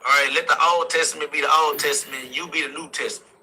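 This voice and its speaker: A young adult man gives a fervent, sermon-like motivational talk, hammering his points home with repeated exhortations punctuated by "facts." His voice is fairly high and slightly rough, with a sharp tone, fairly even intonation, and a quick pace, on a rough recording.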